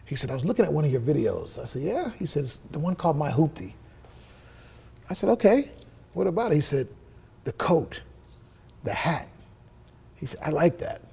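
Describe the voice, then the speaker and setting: A little high, a little fast, creaky and husky, this middle-aged musician's voice pauses often. As a casual interview guest he tells profane stories, acting out quoted dialogue with animation.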